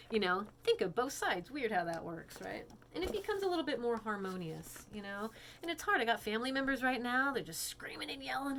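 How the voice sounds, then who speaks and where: A woman's voice: mid-range voice, fairly bright tone, slight background noise. A woman instructor giving a casual, frank recorded lecture, peppering her speech with "you know" and "right?".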